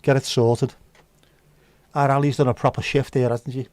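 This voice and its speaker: Male stream host, mid-pitched, cheeky banter, dry close-mic sound. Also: little pitch movement, moderate pace, darkish tone, no room sound. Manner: cheeky, banter-heavy, swears freely. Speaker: livestream host serving virtual drinks. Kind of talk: casual chat.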